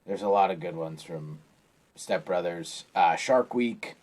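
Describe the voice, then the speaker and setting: A man's voice: sits low, measured pace. Man joking through casual podcast chat. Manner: relaxed, joking, quotes movie lines. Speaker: podcast co-host.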